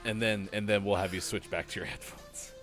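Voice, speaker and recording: A man's voice: lowish voice, fairly even intonation, a little fast, a bit bright, soft background music. A man hosting a live gaming morning show in loose, chatty talk, laughing often. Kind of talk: casual live-stream chat.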